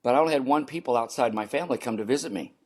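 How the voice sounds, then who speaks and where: A man's voice: medium pitch, racing. A man in his seventies, a podcast guest, earnestly telling a personal story and repeating key phrases for emphasis.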